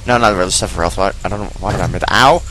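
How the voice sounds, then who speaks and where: A man hosting a let's play who comments on the game in an excitable, goofy, rambling way. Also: low voice, very fast, a little hiss or hum.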